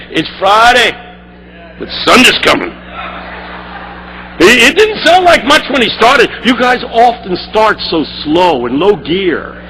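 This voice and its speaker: An older man preaching with impassioned energy, his voice climbing from storytelling into shouts. The pitch sits very high and moves in lively swoops. The tone is bright and ringing. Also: a little hiss or hum, low-quality recording. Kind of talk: sermon.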